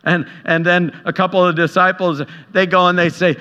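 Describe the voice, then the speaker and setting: A man's voice: high voice, level tone, normal speed, few pauses, pushed and bright, smooth. A man preaching a sermon in a conversational way, retelling scripture and personal stories and acting out the voices in them. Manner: conversational, acts out quotes, chuckles at own stories. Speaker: pastor. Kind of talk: sermon with storytelling. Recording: dull sound with long hall reverb.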